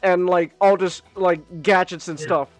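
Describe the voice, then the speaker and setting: A man's voice: sits high, steady tone, measured pace, dry recording, faint music behind. A man hosting a podcast in a casual, rambling chat, full of fillers and frequent laughs. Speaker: podcast host, virtual streamer.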